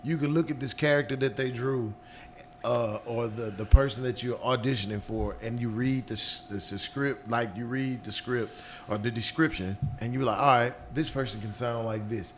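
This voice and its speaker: Deep-voiced man, relaxed rambling chat, repeats words, mid pitch, faint noise behind. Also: normal speed. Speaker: guest actor and comedian. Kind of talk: casual chat.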